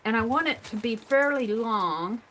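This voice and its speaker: A woman hosts a live craft stream, thinking aloud while she works, trailing off and murmuring under her breath. Her voice is a little high, expressive, and a bit bright at a moderate pace, and the rough recording carries some hiss or hum.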